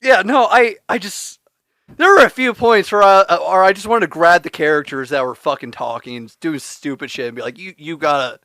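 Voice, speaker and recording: Male podcast co-host; foul-mouthed, laughing rants; bright, dry sound. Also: high-pitched, brisk, no room sound. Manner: ranting, heavily profane, laughing often. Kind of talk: casual podcast chat.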